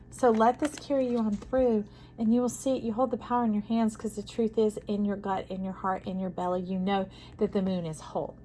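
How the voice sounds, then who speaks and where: A woman giving an intuitive tarot reading to camera. She talks soothingly, calls the listener "friend", and moves between soft hushes and emphatic bursts. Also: medium pitch, slight background noise, poor audio. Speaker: tarot reader.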